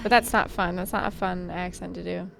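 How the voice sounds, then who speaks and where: A woman's voice: fairly low pitch, fairly even intonation, brisk, creaky, background noise. A young adult woman chatting casually on a gaming livestream, playful and swearing freely as she riffs on accents. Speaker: gaming streamer. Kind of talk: casual livestream gameplay chat.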